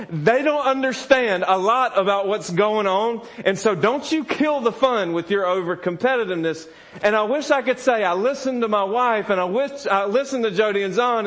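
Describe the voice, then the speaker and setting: Male pastor, 30s, slightly high voice; candid, self-mocking sermon storytelling with frequent laughs and kids' voices. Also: fairly bright tone. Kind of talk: sermon with personal stories.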